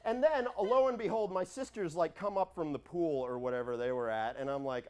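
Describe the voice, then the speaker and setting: A man telling a rambling comic story from his own life, acting out what he and others said in lively voices. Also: fairly high pitch, brisk, smooth. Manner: rambling, animated, quotes himself in lively voices. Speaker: improv storyteller.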